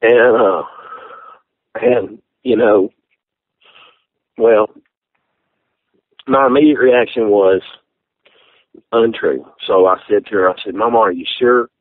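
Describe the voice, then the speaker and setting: Low husky man, tinny line. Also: no echo. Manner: halting, heartfelt, many fillers. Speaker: interview guest. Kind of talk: personal testimony. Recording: tinny phone-like sound.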